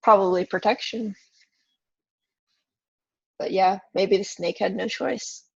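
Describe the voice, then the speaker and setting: Husky, gravelly woman player, dull audio. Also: mid-range voice, fairly even intonation, slow, a little mellow, dry recording. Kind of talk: tabletop game play. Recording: dull, lo-fi sound.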